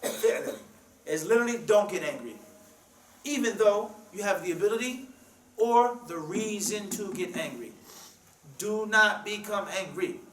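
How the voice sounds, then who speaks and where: A man's voice: sits high, animated, unhurried, pauses often, fairly bright tone. A man preaching a sermon in a mosque, emphatic and full of rhetorical questions, with Arabic quotes. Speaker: imam giving a talk. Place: mosque hall. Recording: roomy hall sound from a distance.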